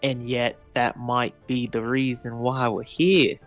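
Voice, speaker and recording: A woman's voice: a bass voice, flat delivery, takes it slowly, soft background music. A woman playing a tabletop role-playing game, teasing and reassuring her fellow players. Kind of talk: casual play in a tabletop game.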